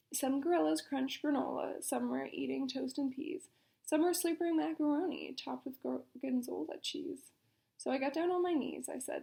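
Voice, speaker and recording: A woman reading a picture book aloud for children's story time in an expressive, dramatic manner. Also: high-pitched, normal speed, creaky.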